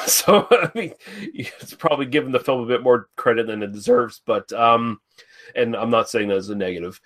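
A man's voice: mid-range voice, a bit bright. Casual male movie podcast host. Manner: laughs often, moderates the panel. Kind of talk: casual movie review chat.

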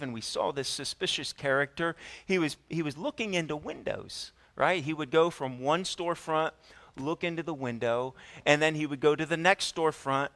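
Animated man preaching a story. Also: fairly high pitch. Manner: animated storytelling, asks the congregation questions. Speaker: pastor. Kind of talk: sermon with personal story.

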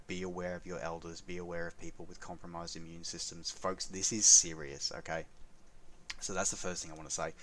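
A man's voice: low-pitched, fairly bright tone, distant mic. A man co-hosting a podcast in casual chat, making earnest, emphatic appeals to listeners. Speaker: podcast co-host.

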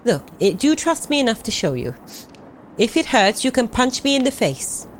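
A kind, patient woman adventurer from a tabletop role-play, coaxing and gentle, as a woman plays her. Her pitch rises and falls in a very lively way, with faint room noise behind her. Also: moderate pace, low-quality recording. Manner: gentle, coaxing, with little restarts.

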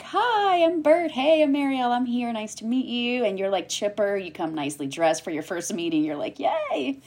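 A woman in her thirties, a guest on a casual podcast, telling her story with lots of laughter and acted-out quotes. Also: fairly low pitch. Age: 30s. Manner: animated storyteller, laughs often, acts out quotes. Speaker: guest, cancer survivor.

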